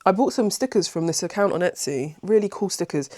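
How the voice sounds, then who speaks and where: A woman's voice: lowish voice, animated, fairly quick, darkish tone, no echo, clean studio sound. A woman vlogging at home in a casual, rambling chat, emotional and easily moved, often breaking off and restarting. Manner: rambling and self-interrupting. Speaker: craft vlogger.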